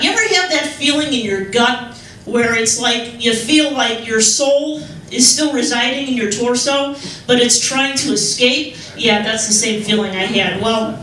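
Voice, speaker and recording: A woman's voice: fairly high pitch, fairly bright tone, slight background noise. Rambling woman comic in an echoey club. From Chicago. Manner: rambling, halting, with repeated restarts. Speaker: stand-up comedian. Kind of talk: stand-up comedy set. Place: club stage with audience. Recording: echoey room, mic heard from far off.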